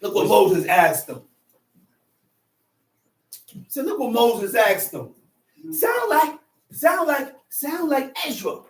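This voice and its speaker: A man preaching a fiery sermon who shouts his points and repeats phrases as a listener answers back. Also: very high voice, sing-song, slow, pauses often. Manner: shouts emphasis, repeats phrases, call-and-response. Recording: echoey room, distant mic.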